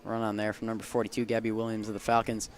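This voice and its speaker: A young man giving casual play-by-play commentary on a high school soccer game outdoors, his calls rising with the action. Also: monotone, quick pace. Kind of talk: amateur sports commentary.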